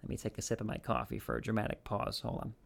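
A man's voice: on the low side, big pitch swings, quick pace, gravelly, slight background noise. A man hosting a podcast, talking in a casual, rambling way with lots of restarts and asides. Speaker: podcast host.

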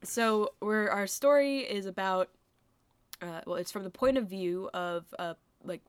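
A woman co-hosting a podcast, chatting casually about a story she has read. She gropes for words with lots of fillers and laughs easily, in an ordinary mid-pitched voice. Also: unhurried, clear, resonant tone, no echo. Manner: hesitant, many fillers, laughs often. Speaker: podcast co-host. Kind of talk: casual book discussion.

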